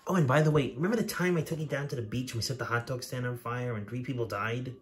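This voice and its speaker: A man's voice: mid-range voice, quick pace, voice pushed up, close to an everyday voice. A man voicing a cheeky male engine who teases his friend in a mocking, sing-song way. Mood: teasing.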